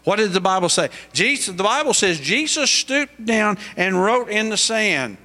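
A man's voice: sits high, big pitch swings, moderate pace, sharp tone. A middle-aged male pastor preaching a sermon, pressing his points with rising, emphatic questions.

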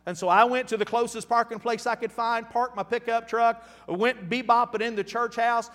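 A man in his fifties preaching a storytelling sermon, folksy and animated, with frequent restarts. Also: extremely high pitch, normal speed, hardly any pauses, long reverb tail. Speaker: pastor.

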